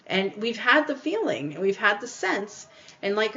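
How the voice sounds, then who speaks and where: A woman's voice: medium pitch, big pitch swings, moderate pace, pushed and bright, lo-fi sound, a little hiss or hum. A woman hosting a podcast, giving encouraging spiritual self-help advice in a conversational way and acting out little quoted voices. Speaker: podcast host.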